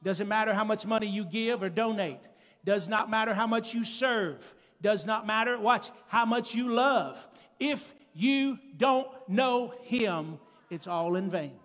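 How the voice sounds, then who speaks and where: A male preacher delivering an emphatic sermon, calling out to the congregation and building up to shouted peaks. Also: high-pitched, normal speed. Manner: calls to the congregation. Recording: long church-hall reverb.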